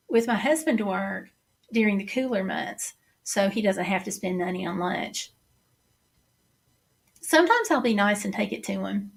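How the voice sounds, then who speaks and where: A middle-aged Southern woman, mid-range voice tinged with vocal fry, chats her way through a casual livestream. She reads viewer comments aloud and responds to them.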